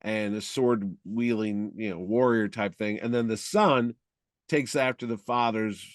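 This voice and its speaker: A man co-hosting a podcast in casual chat, telling stories in a rambling, animated way. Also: lowish voice, a little slow, dry recording, clean studio sound. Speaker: podcast co-host.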